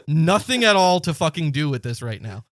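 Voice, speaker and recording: Animated man telling a story. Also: on the high side, moderate pace, no echo, studio quality. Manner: animated storyteller acting out quotes, swears freely. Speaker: podcast co-host. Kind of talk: casual storytelling chat.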